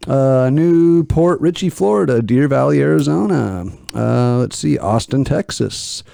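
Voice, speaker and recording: A man's voice: mid-range voice, lively intonation, measured pace, vocal fry, no room sound. A man co-hosting a casual podcast, rambling and joking as he reads out listener locations. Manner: rambling, jokey, reads listener shout-outs. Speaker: podcast co-host.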